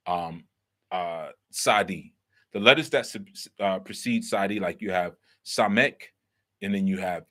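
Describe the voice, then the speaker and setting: A man's voice: medium pitch, fairly bright tone. A man hosting a talk and teaching in a casual, explaining way, posing rhetorical questions and checking in with the listener. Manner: lecturing, asks rhetorical questions, checks in with "right?". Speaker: host and teacher.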